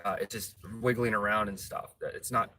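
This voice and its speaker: A man's voice: lowish voice, fairly even intonation, normal speed. A man chatting casually and profanely while driving, rambling and then ranting. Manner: rambling, profane, gets ranty. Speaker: vlogger. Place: inside a moving car. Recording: distant mic with loud road noise.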